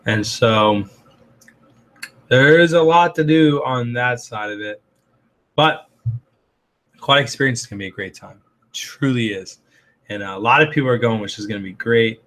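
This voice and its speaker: Raspy man chatting casually on a livestream. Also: medium pitch, normal speed, pauses often, fairly bright tone. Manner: rambling, heavy on "um" and "like"; reads viewer comments and answers them. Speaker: livestream host.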